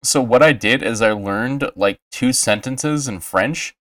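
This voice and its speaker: A young man in casual podcast chat, telling a lively anecdote. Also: medium pitch, a little slow, no echo, distant mic. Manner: animated anecdote teller.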